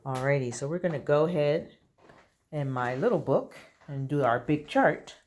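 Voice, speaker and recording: A woman teaching a recorded early-grade reading lesson, slow and deliberate, encouraging the children. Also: low-pitched, expressive, darkish tone.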